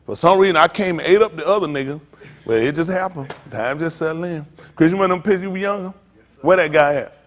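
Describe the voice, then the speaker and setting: A man's voice: a little high, quick pace, long reverb tail. An older man, a pastor, teasing a group and telling funny stories in a loose, joking way. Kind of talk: comedic storytelling to a group.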